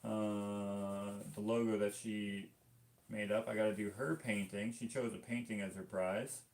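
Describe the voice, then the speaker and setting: Gravelly low-voiced man chatting on a live stream. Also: fairly even intonation, measured pace. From Canada. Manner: rambling, self-interrupting, easygoing. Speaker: finger painter streaming live. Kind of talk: casual live-stream chat, reading viewer comments aloud.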